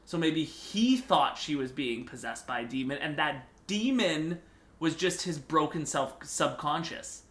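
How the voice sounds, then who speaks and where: A young man co-hosting a podcast in casual chat, getting excited and rising in pitch when he makes a point. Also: measured pace, echoey room. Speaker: podcast co-host.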